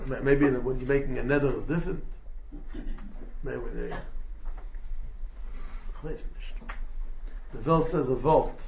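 A man giving a lively Talmud class, mixing in Yiddish and Hebrew terms and acting out the quotes. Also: medium pitch, normal speed, gravelly, long pauses, roomy sound, a little hiss or hum. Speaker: Talmud teacher.

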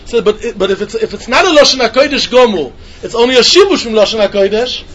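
High-voiced man giving a Talmud lecture. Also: animated, fast talker, fairly bright tone, highs cut off, a little hiss or hum. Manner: mixes English with Hebrew and Yiddish terms, repeats phrases, restarts often. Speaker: Talmud teacher.

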